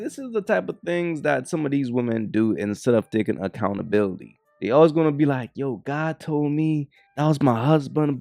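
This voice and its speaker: Gravelly animated man lecturing the fellas. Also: on the high side, no echo. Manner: preachy, addresses the fellas directly. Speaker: reaction commentator. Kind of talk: commentary on clips.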